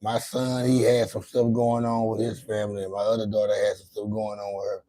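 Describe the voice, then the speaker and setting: A man's voice: fairly low pitch, completely flat delivery, fairly quick, warm tone, poor audio. Rambling, profane man hosting a livestream. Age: adult with grown children. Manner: rambling, profane, repeats and restarts a lot. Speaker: livestream host. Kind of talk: casual late-night livestream chat.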